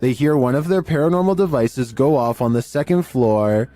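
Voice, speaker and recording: A man doing scripted narration of eerie clips in a slow, ominous storytelling way. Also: mid-range voice, warm tone, a little hiss or hum.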